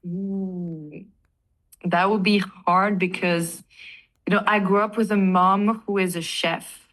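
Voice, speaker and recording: A woman with a French accent, chatting casually as a band vocalist in an interview, animated and laughing often. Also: medium pitch, slow pace. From France.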